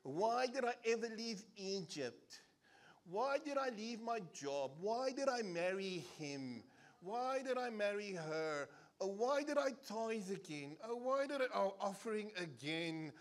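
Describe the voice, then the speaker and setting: A man's voice: high voice, big pitch swings, pitched above the performer's own voice. Man putting on whiny grumbling desert wanderers. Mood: whining. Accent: South African. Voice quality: whining, drawn-out complaints.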